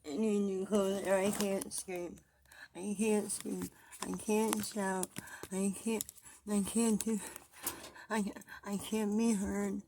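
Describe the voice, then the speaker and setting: A woman vlogger talking through her distress in a confessional video, halting and repeating herself, trailing off mid-thought. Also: mid-range voice, flat delivery, background noise. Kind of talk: confessional vlog.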